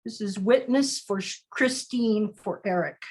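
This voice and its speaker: A woman poet reading her poems aloud over a video call in a slow, deliberate recitation with measured pauses. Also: mid-range voice, a little mellow. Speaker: featured poet. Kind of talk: poetry reading.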